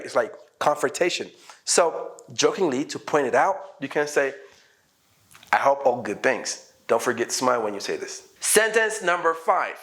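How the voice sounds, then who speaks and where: A man leads a relaxed English lesson, explaining everyday phrases one by one. His pitch jumps around constantly as he acts out each example line. He keeps checking in with learners as he goes. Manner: animated, acts out example phrases, often asks "okay?". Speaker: English teacher.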